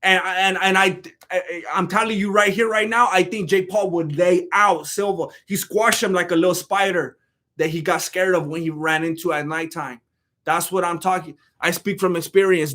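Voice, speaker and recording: A young male host riffs on fight news in a loose, slangy way, often stumbling over his words as he restarts a thought. His voice sits high for a man and has a bright, edgy tone. He sounds a bit hoarse here and there. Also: moderate pace. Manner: animated, slangy, repeats himself. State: throat giving out. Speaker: YouTube MMA commentator. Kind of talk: casual commentary reading chat.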